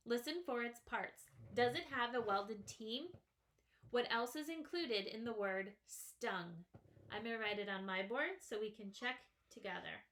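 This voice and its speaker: A patient woman leads a first grade phonics lesson, her voice a touch high. She speaks slowly and stretches out each sound so small children can follow. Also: fairly bright tone. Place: classroom or home, writing on a small board.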